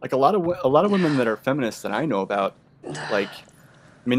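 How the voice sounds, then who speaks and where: A man's voice: mid-range voice, sing-song, fast, slight background noise. A young man giving casual, rambling gameplay commentary, full of filler words. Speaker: let's play commentator.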